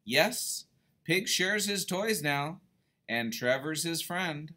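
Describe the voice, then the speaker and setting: Expressive man reading a kids' book. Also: fairly high pitch, slow. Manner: expressive, explains words to kids. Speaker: storyteller reading to children. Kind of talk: children's picture book read-aloud.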